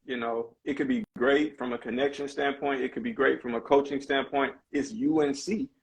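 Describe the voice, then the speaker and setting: A man's voice: mid-range voice, fairly even intonation, normal speed, rough recording. A man, a basketball coach and former player, telling his story candidly and animatedly as a podcast guest, with casual slang. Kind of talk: conversational storytelling in a podcast interview.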